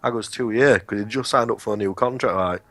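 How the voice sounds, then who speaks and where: A man with a lowish voice co-hosts a casual podcast chat, telling workplace stories bluntly and with plenty of swearing. The sound is dry and close, with no room around it. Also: fast talker, fairly bright tone, no room sound. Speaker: podcast co-host.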